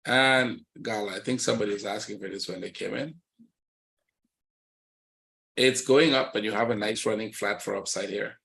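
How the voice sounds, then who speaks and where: A man teaching a live trading webinar, walking quickly and plainly through one chart after another. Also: lowish voice, gravelly, a bit bright. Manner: rapid, matter-of-fact chart commentary. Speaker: trading instructor.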